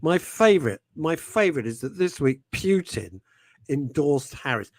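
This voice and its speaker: A talk show host whose voice swoops widely as he jokes, often breaking off mid-sentence to start again. His voice is on the higher side for a man and sounds dry and close, with almost no room around it. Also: no room sound. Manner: animated, jokey, quick to laugh, trails off and restarts. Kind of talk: casual talk show banter.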